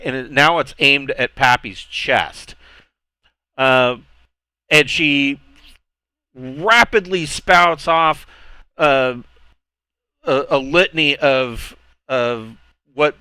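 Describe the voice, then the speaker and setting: A man narrating a tabletop game as game master, halting with many uh's and restarts. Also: fairly high pitch, sharp tone, smooth, no echo, low-quality recording.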